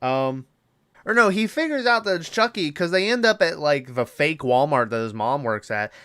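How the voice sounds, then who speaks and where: A man's voice: on the high side, animated, normal speed, a bit bright, smooth, dry recording. A man hosting a podcast, casually retelling a movie plot in a rambling, profane way with lots of filler words. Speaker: podcast host.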